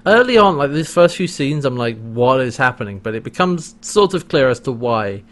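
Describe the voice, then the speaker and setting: A man co-hosting a casual podcast, recapping a TV episode in a rambling, animated way. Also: on the high side, normal speed. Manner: rambling, animated retelling with laughs and acted-out quotes. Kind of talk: casual chat.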